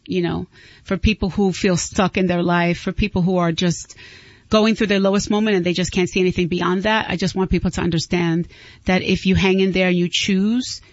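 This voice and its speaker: A woman's voice: fairly low pitch, steady tone, fairly quick, no echo, highs cut off. A woman guest speaking earnestly and candidly in an interview, often restarting her sentences. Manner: earnest, heartfelt, frequent restarts. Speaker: guest author.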